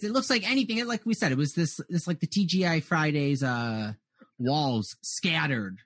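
A man's voice: mid-range voice, no echo. A man narrating as game master in a rambling way, full of "uh"s and restarts.

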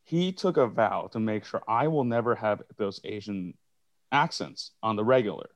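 A man raised in China and a native Mandarin speaker, talking as a guest in a casual podcast chat in a measured, explanatory way. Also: lowish voice, lively intonation, dull audio.

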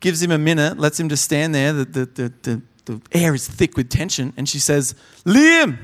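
High-voiced preacher in a hall. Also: male voice, fairly quick. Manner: animated storyteller, acts out voices. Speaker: pastor. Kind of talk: sermon. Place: large conference hall.

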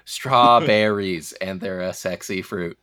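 A man's voice: slow, bright, forceful tone, clean tone. A man co-hosting a casual chat podcast, laughing often as he talks. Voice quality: laughs often, wide-ranging pitch. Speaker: podcast co-host.

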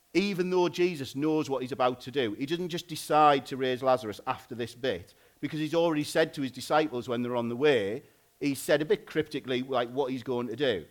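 A married man preaching a sermon in a loose, conversational way, often pausing and restarting. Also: medium pitch. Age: adult, married. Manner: informal, conversational, frequent "like" and restarts.

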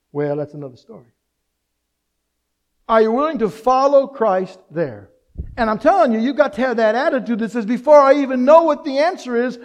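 A male pastor preaching an animated sermon, asking the congregation rhetorical questions and mixing in humor. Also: high voice, vocal fry.

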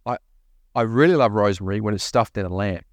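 Pastor preaching a sermon, dry sound. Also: male voice, lowish voice, fast, no echo. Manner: preaching with emphatic repeats and rising questions. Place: church.

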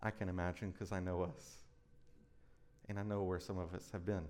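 A man's voice: deep voice, level tone, moderate pace, a little mellow. Intense, urgent male preacher. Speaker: pastor. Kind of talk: sermon.

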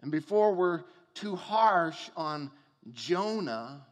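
High-voiced preacher in a big hall. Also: male voice, animated, takes it slowly. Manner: storytelling, rhetorical questions, builds to emphatic peaks. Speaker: pastor. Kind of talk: sermon.

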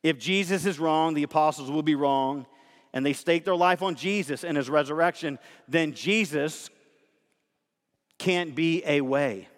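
A man preaching a sermon as a pastor, emphatic and conversational, animated in his delivery. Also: on the high side, a little slow. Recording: long hall reverb.

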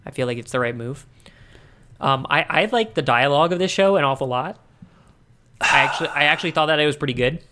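A man's voice: on the high side, animated, fast talker, long pauses, pushed and bright. A man co-hosting a podcast in casual chat, thinking aloud with wry, joking asides. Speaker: podcast co-host.

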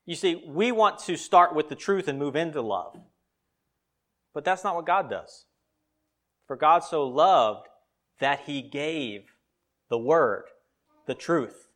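Fervent preacher, bold and rising. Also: male voice, fairly high pitch, lively intonation, unhurried, pauses often. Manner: dynamic preaching, swinging from loud emphasis to quiet asides. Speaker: pastor. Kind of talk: sermon.

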